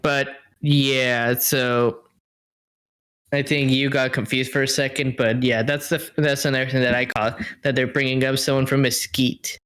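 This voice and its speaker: A man's voice: medium pitch, little pitch movement, normal speed, fairly bright tone. A man co-hosting a podcast over a voice call, chatting casually, thinking aloud and often trailing off mid-sentence. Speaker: podcast co-host.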